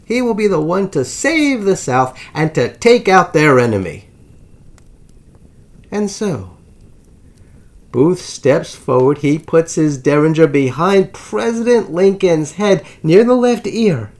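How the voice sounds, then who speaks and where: A male host narrates a historical tale in a scripted, theatrical way. His voice sits a little high and rises and falls a great deal. He stretches out tense moments with slow, deliberate pauses. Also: big pitch swings, a little mellow. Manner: dramatic storyteller, slow drawn-out suspense pauses.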